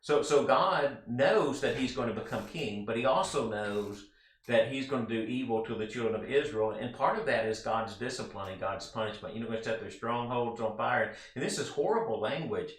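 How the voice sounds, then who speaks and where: A man teaching a conversational Bible study lesson in an earnest, chatty way, with quick asides to his listeners. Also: mid-range voice. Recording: echoey room.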